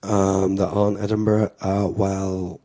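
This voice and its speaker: A man, a comedian, talking in an interview in a rambling, halting way with many fillers. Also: low voice, flat delivery, warm tone. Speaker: comedian guest. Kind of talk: interview chat.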